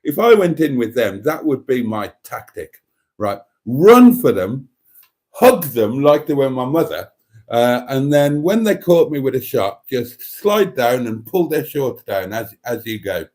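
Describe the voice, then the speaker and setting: A middle-aged man hosts a casual livestream, rambling and joking as he reads out viewer comments. His pitch swings up and down a lot as he talks, and he sounds off the cuff, with plenty of ums and restarts. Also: very animated, a little slow, darkish tone. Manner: chatty, rambling, jokey, with many fillers. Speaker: livestream host.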